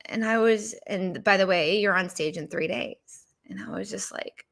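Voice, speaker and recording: A woman's voice: medium pitch, normal speed, creaky, fairly bright tone. A woman coach telling a personal story on a live stream, emotional and exasperated, with many rhetorical questions. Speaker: business legal coach and speaker.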